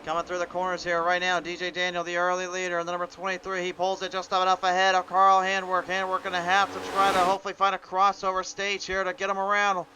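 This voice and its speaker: A man's voice: high voice, monotone, background noise. A man calling a sim racing event, reading the starting lineup and giving hyped play-by-play commentary. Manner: rapid hype announcer reading a long lineup, self-correcting.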